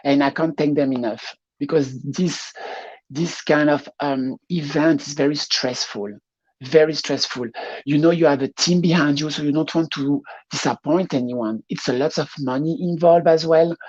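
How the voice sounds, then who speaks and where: A woman with a French accent, a pageant showgirl talking as a guest in a casual interview, laughing often and pausing to find her words. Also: deep voice, steady tone, a little mellow, husky, muffled recording.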